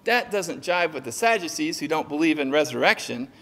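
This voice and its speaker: A man preaches a sermon from the pulpit, his voice high and bright. He jokes and acts out little dialogues, swinging his pitch widely. The sound carries a long reverb from the church hall. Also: brisk. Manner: lively, jokey preaching with acted-out dialogue. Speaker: pastor. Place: church sanctuary.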